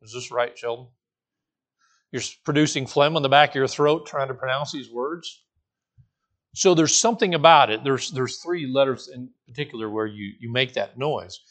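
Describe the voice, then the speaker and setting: A man's voice: medium pitch, moderate pace, fairly bright tone. A man preaching a sermon, acting out the quoted voices with frequent restarts. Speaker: pastor.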